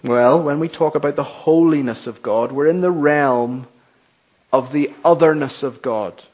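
Slow, emphatic male preacher, muffled. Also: on the high side, husky. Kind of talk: sermon.

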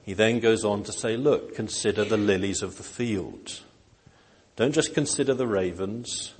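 A man preaching a sermon in a slow, gentle, earnest way, with emphatic rises. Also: on the low side, slightly rough. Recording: long hall reverb.

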